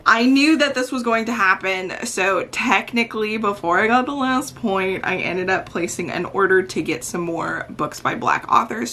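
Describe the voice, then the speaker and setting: A woman chatting casually in a reading vlog, laughing often and swinging between calm book recaps and giddy, excited outbursts. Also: medium pitch, a little hiss or hum. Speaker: book vlogger.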